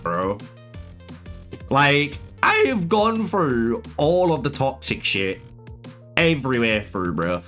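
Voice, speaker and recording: A man's voice: mid-range voice, sing-song, takes it slowly, pauses often, a bit bright, soft background music. Laughing, profane male gaming streamer. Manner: profane, laughing often, addressing viewers as bro. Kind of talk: casual live-stream chat with viewers.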